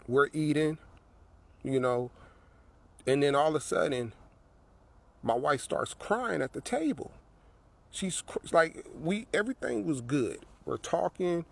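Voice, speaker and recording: A man's voice: medium pitch, vocal fry. A man telling a personal story in a rambling way, repeating his phrases, recorded outdoors by an apartment building. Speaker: vlogger.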